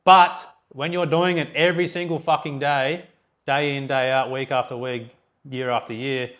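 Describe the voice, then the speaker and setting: A young man with an Australian accent talks in loose, unpolished chat. He tells his own stories bluntly, with frequent swearing, and his voice sits at an ordinary middle pitch. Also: little pitch movement, normal speed, fairly bright tone. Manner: blunt, swears freely, storytelling. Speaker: podcast co-host. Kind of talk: casual chat.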